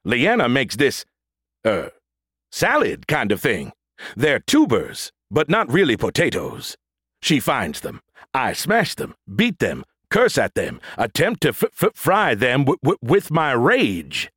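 A man voicing a damaged, stuttering android soldier in a battlesuit with a booming voice, in an audiobook. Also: huge pitch swings, fairly bright tone, breathy edge, dry recording, clean studio sound, full character voice. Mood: eager booming. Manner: stutters on first sounds, booming, slow drawn-out words. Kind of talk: audiobook character voice.

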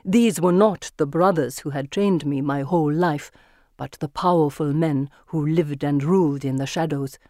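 An audiobook narrator reading a first-person story in a measured, vivid storytelling manner on a close mic. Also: mid-range voice, dark tone, no room sound.

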